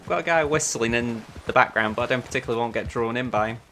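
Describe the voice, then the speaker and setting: A man's voice: medium pitch, rapid-fire, a bit bright, a little hiss or hum. A man streaming a video game and chatting along as he plays, narrating his own moves and talking to his viewers. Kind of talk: live game-stream commentary.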